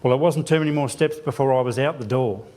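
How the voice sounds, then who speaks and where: A man's voice: mid-range voice, fast, mellow. A man giving a church sermon as a lay preacher, telling a self-deprecating personal story with quoted dialogue. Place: church sanctuary.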